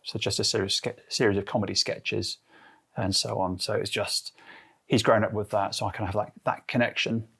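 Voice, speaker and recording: Guernsey man, low gravelly voice, animated anecdotes in an interview. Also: brisk. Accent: Guernsey English. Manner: chatty, animated storyteller acting out quotes. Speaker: interviewee, head of transformation and change. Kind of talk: casual interview answers.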